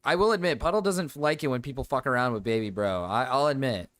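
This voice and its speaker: A young man giving live-stream reaction commentary, excitable and swearing, laughing often and jumping into sudden high yelps. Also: fast talker, dry recording.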